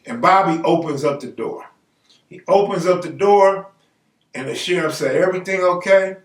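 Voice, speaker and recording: High-voiced man telling a story from afar. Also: moderate pace. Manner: animated, slangy, acts out voices. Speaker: storyteller host. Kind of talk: casual true-story telling. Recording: roomy, distant mic.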